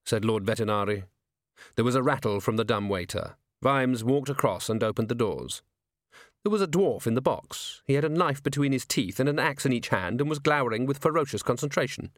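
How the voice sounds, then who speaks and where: With a medium-pitched voice, a man reads an audiobook in a calm, even narrative manner. The recording is dry and of studio quality.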